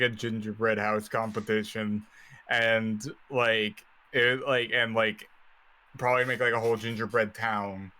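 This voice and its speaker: A man's voice: lowish voice, sharp tone. A man co-playing a game on stream, musing casually with lots of fillers and swearing. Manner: laid-back, swearing, filler-heavy musing. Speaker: co-player on stream. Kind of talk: casual let's-play commentary.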